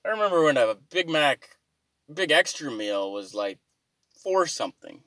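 Dude ranting, cussing a lot, kinda high voice, dry close sound. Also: male voice, very animated, normal speed, pushed and bright, no echo. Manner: rambling, exasperated, swears a lot. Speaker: vlogger. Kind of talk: profane comic rant.

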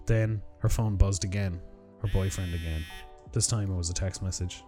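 Deep-voiced man reading a story. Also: fairly even intonation, normal speed. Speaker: narrator reading short stories. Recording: music bed under the voice. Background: music.

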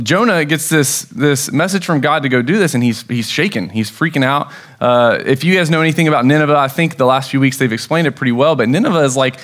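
A young man with an American accent preaches in a relaxed, conversational way. He retells the story loosely, with lots of fillers and quick acted-out lines. His voice sits at an ordinary middle pitch. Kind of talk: casual sermon. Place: church sanctuary.

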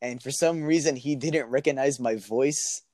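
A man's voice: medium pitch, moderate pace, darkish tone, no room sound, clean studio sound. A young man telling a story in a casual, slangy way and laughing often. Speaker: guest.

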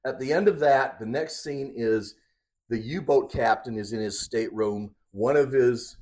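Podcast co-host, male, mid-range voice, lively step-by-step retelling, relaxed chat. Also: medium pitch, normal speed. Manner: animated plot retelling. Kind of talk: casual chat.

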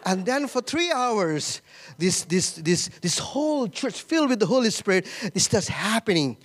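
A man's voice: high-pitched, sing-song, moderate pace. A man preaching a sermon as pastor, telling a personal story with emotion, laughter and many repetitions.

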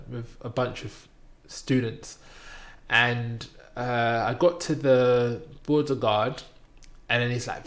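A man with a gravelly, rough-edged voice talks through a travel anecdote in relaxed conversation. He is from Britain and animates the story, putting on louder voices for the people in it. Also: medium pitch. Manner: animated storytelling, acting out quoted voices loudly. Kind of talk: casual chat, anecdote.

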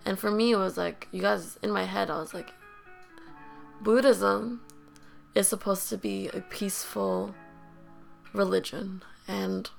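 A woman's voice: medium pitch, creaky, a bit bright. A young woman hosting a podcast, telling a personal story in a candid, rambling way, full of "like" and fillers. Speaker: podcast host.

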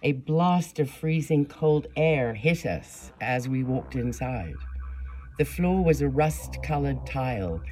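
Brief: earnest memoir narrator with a lively, rising and falling voice, steady reading. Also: medium pitch, takes it slowly, slight background noise. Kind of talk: first-person memoir reading.

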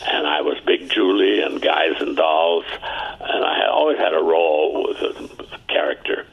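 A man in his seventies from Ontario, Canada, telling stories in an interview, chatty and anecdotal, acting out what others said. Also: measured pace. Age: 70s. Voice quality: very deep, gravelly and husky. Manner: chatty anecdotal storyteller, acting out quoted voices. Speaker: interview guest. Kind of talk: storytelling interview. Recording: tinny phone-like line.

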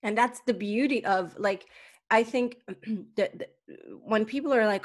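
Lively woman chatting with many restarts. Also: on the high side, unhurried. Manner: lively, restarts sentences often. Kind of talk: casual conversation.

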